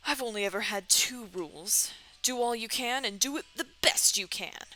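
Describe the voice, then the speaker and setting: A woman voicing a courtly older Southern gentleman chef in a dating game, earnest and folksy. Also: a little high, normal speed, low-quality recording.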